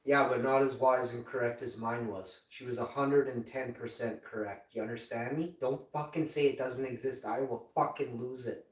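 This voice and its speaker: A man's voice: medium pitch, fairly even intonation, moderate pace, few pauses, recorded from a distance. Man in his 40s, swearing, rambling, mocking, roomy sound, away from the mic. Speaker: live streamer. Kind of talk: casual chat with an AI assistant.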